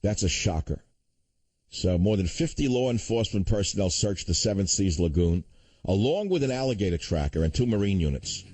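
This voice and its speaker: A man's voice: deep voice, expressive, a little fast, darkish tone, dry recording. An older man hosting a talk radio show, ranting with sarcastic indignation and then turning somber. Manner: indignant, sarcastic, swings between outrage and somber. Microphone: studio microphone.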